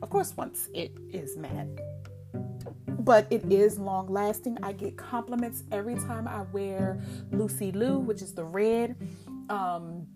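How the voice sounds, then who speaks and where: Excited chatty woman over guitar music. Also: mid-range voice, unhurried. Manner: excited, chatty, many fillers. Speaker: podcast host. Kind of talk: casual chat.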